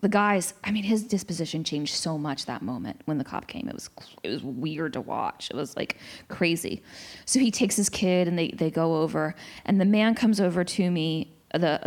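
A woman in her forties in a casual discussion, telling a story in an animated way with many restarts. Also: fairly low pitch, normal speed.

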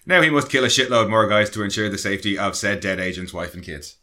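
Bright-voiced man, quick to laugh. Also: fairly low pitch, slight background noise. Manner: laughs often, summarizing. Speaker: podcast co-host. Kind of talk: casual film review chat.

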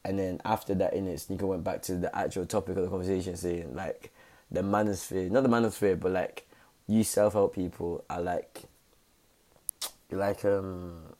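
A man's voice: low-pitched, little pitch movement, brisk, warm tone. A young man giving casual, rambling commentary full of slang and fillers. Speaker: content creator.

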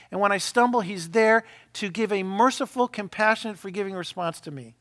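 A middle-aged man, a senior pastor, preaching a sermon in a conversational, animated way with frequent rhetorical questions. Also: high voice, fairly quick, hardly any pauses.

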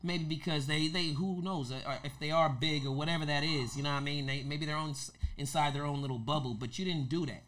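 A young man telling a story, loud and laughing, shouting his punchlines. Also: fairly high pitch, fairly even intonation, fast talker, few pauses. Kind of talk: animated storytelling with impressions.

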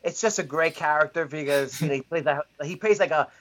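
Man, wrestler guest, bright tone, relaxed talk. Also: on the high side, quick pace. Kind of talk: casual interview chat.

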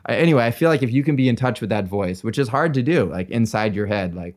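A man's voice: on the low side, quick pace, few pauses, darkish tone. A man in his thirties, a filmmaker guest in casual chat, rambling with lots of "like" and acting out what people say. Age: 30s. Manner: rambling, lots of "like", acts out quotes.

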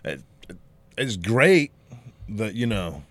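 A middle-aged Scottish man co-hosts a podcast in casual chat, swearing freely and rambling through stories. His lowish voice is fairly bright and sing-song, moving at a slow pace, with no echo.

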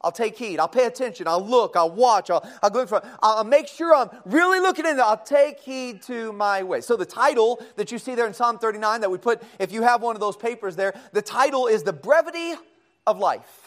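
A man's voice: extremely high pitch, lively intonation, a little fast, a bit bright. A man preaching a Bible study sermon in a folksy, conversational way, often asking the congregation questions.

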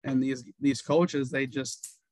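A man co-hosting a sports podcast, giving measured, reasoned takes in casual chat. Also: medium pitch, fairly even intonation, darkish tone, no echo, low-quality recording. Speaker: podcast co-host.

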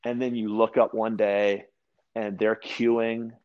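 Low-voiced Louisiana man telling stories. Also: slow, highs cut off. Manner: animated storyteller, many restarts, acts out quoted voices. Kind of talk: casual storytelling chat.

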